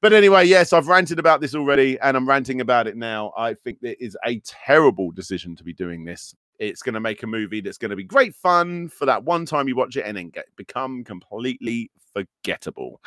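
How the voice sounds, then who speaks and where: A man's voice: medium pitch, lively intonation, fairly quick, few pauses, fairly bright tone, no echo, clean studio sound. A man in his thirties, a podcast host ranting animatedly in casual chat, with many fillers.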